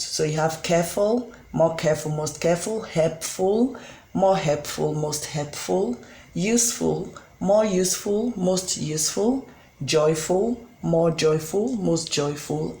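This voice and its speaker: An English tutor giving a recorded grammar lesson, slow and deliberate, spelling out letters and pausing on frequent ums. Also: mid-range voice, warm tone. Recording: roomy echo with faint background hum.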